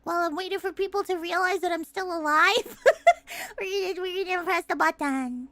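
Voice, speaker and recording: A woman streamer chatting casually on a livestream, excitable and foul-mouthed, often breaking into shouts and laughter. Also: very high-pitched, normal speed, dry recording. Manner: excitable, swears a lot, bursts into shouting and laughter.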